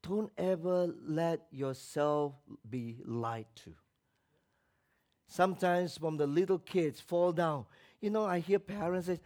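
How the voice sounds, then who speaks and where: A man preaching a sermon, emphatic and calling for responses from the congregation, swinging between loud exhortation and quiet remarks. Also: fairly high pitch, takes it slowly. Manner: acts out quoted voices with mocking tones.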